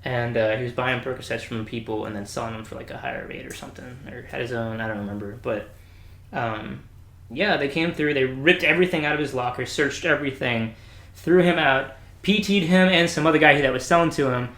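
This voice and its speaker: Laughing storyteller man in an echoey room. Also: a little fast. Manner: animated, laughs often, jumps into high pitch for quoted voices. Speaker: podcast co-host telling stories. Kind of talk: casual storytelling chat. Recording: roomy echo.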